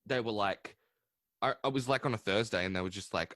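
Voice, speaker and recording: A man's voice: on the low side, brisk, fairly bright tone, no room sound. A young man hosting a podcast, chatting casually and animatedly with his guest. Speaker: podcast host. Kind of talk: casual chat.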